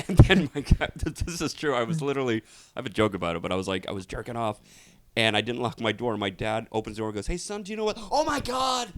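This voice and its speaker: A man's voice: lowish voice, fast talker, a little hiss or hum. A male comedian telling stories casually on a podcast, acting out the people in them. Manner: animated, acts out voices and accents. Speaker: comedian guest.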